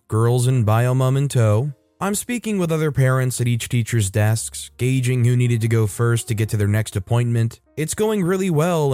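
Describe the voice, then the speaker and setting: Mellow-voiced man reading stories aloud. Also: medium pitch, no echo. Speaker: story narrator.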